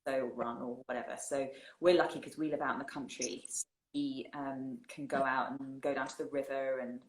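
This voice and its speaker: A woman's voice: very deep voice, little pitch movement, moderate pace, echoey room. A woman from England with an English accent, chatting casually as a guest and laughing often. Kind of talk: casual chat. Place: home in the countryside.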